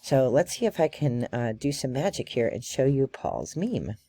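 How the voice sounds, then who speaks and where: Woman, casual vlog chat, chatty, laughs often, mellow, dry recording. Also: rumbling low, sing-song, normal speed, husky, no room sound. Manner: chatty storyteller, laughs often, many fillers. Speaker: bagpiper and vlogger.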